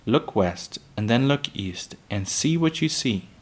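A man voicing a stern, steady pioneer father in a storybook reading. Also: mid-range voice, a little slow.

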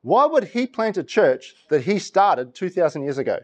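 A middle-aged pastor preaching a sermon in an animated storytelling way. His voice sits a little high and swings widely in pitch as he acts out little voices and laughs between lines. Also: moderate pace.

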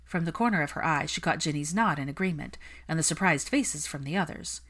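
Low-voiced woman narrating a story. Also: lively intonation, brisk, a bit bright. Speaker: fan fiction narrator.

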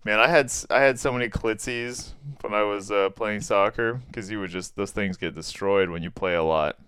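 Young guy, smooth clear voice, dry close sound, playful teasing chat. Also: fairly low pitch, moderate pace, fairly bright tone, dry recording. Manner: laughing, teasing banter. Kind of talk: casual chat.

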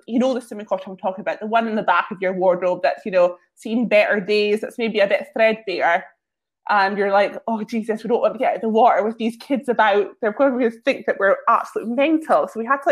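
A woman guest telling casual, self-mocking anecdotes, full of filler words. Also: mid-range voice. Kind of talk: casual storytelling.

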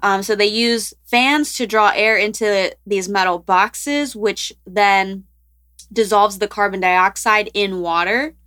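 A woman's voice: mid-range voice, slow, fairly bright tone. A young woman co-hosting a podcast in casual chat, giggly and full of filler words. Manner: chatty, giggly, lots of "like" and "um". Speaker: podcast co-host.

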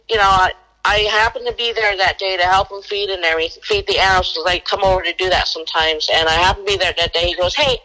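A woman's voice: mid-range voice, bright, forceful tone, low-quality recording. A woman telling a personal story as a guest in a casual conversation, acting out the quoted lines. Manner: acts out quoted dialogue.

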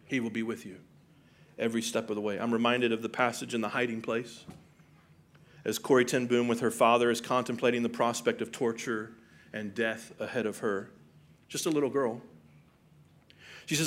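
A man preaching a sermon, earnest and full of rhetorical questions, swinging from hushed and soft to loud and emphatic. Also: medium pitch, fairly even intonation, moderate pace, long pauses. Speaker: pastor.

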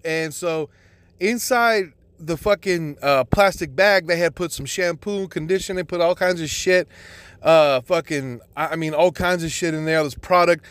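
A man's voice: a little high, moderate pace, fairly bright tone, dry recording. A man telling a personal story in a casual, profane, rambling way, full of restarts.

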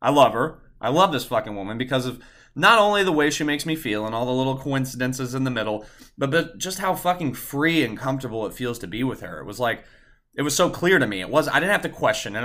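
A young man hosting his podcast, telling a personal story in a casual, animated way and swearing constantly. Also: medium pitch. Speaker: podcast host.

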